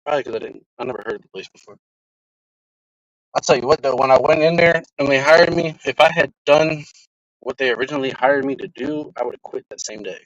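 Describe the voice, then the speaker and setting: A man vlogging from his car, telling a casual, profane story in an animated way. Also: medium pitch, a little fast, no room sound. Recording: dry, slightly dull sound.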